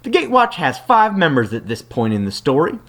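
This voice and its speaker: A man's voice: a little high, huge pitch swings, brisk, a bit bright. A man retelling a fantasy story as a joking, offhand recap, slipping into silly character voices.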